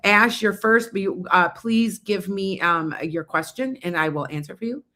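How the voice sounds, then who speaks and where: Chatty rambling woman, bright voice. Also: mid-range voice, moderate pace. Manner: rambling, loses her train of thought. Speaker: psychic reader. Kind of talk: casual livestream chat.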